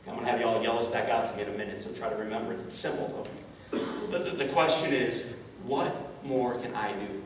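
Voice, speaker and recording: Un hombre de San Luis, Misuri, da una charla motivacional, con preguntas retóricas y palabras repetidas al tropezar. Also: male voice, medium pitch, fast talker, background noise. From St. Louis, Missouri, USA. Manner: stammering repeats, frequent rhetorical questions. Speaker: motivational speaker. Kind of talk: inspirational keynote talk. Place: large event hall, indoors. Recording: echoey hall, speaker far from mic.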